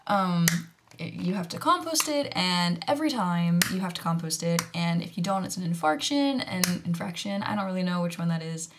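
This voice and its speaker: A woman's voice: lowish voice, lively intonation, brisk, hardly any pauses, background noise. An American woman telling a story in a chatty, casual way, full of fillers and with whispered asides. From United States. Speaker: vlogger.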